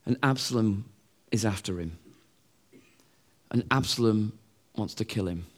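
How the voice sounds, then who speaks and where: A man's voice: on the low side, unhurried. A middle-aged man preaching a sermon in a conversational way, acting out the voices of other people.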